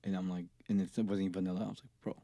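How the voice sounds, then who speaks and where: A man's voice: low-pitched, rapid-fire, vocal fry, a little hiss or hum. A man, a recording engineer, telling casual profane stories as a podcast guest. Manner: profane, animated anecdotes with laughs. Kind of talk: casual storytelling.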